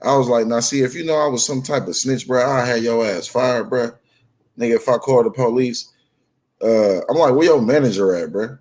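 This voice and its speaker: A man telling a story in casual chat, profane and animated, acting out both sides of the dialogue. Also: mid-range voice, moderate pace.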